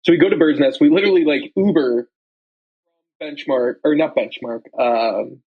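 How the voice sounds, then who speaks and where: A man's voice: a little high, moderate pace, husky, narrow, tinny audio. A young man co-hosting a casual chat, telling loose, rambling stories full of fillers. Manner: rambling storyteller, lots of likes and ums. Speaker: podcast co-host.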